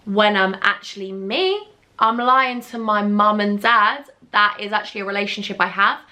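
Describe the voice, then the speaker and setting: A woman's voice: medium pitch, normal speed, sharp tone. A young woman, telling a storytime in a gushing, chatty way full of pet names. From England. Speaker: beauty vlogger. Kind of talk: casual storytime chat.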